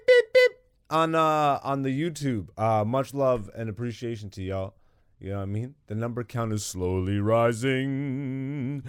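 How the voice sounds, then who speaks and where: In a dry studio recording, a man with a clear, resonant mid-range voice hosts his own podcast. Alone at the mic, he riffs in a goofy, profane, joking way, delivering a casual comedic solo monologue.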